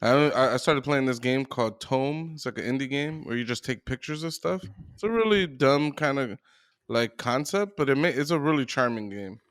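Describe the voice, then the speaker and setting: A man's voice: mid-range voice, expressive, moderate pace, fairly bright tone, no echo, clean studio sound. A man co-hosting a podcast, telling stories in a laid-back, profane casual chat. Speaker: podcast co-host.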